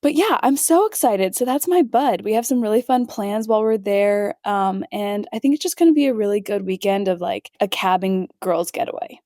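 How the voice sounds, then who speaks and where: A woman's voice: mid-range voice, normal speed, hardly any pauses, mellow, no echo, studio quality. A young woman co-hosting a podcast in casual chat, upbeat and enthusiastic, using fillers as she talks. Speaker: podcast co-host.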